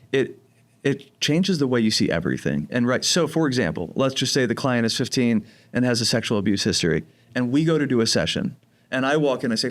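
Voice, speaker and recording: Calm New Jersey man explaining treatment. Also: medium pitch, fairly quick. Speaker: program director of teen residential treatment. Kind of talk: podcast interview.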